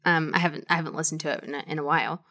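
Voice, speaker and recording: A woman who is a podcast guest, chatting casually with enthusiasm in long excited runs. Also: deep voice, rapid-fire. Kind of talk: casual chat.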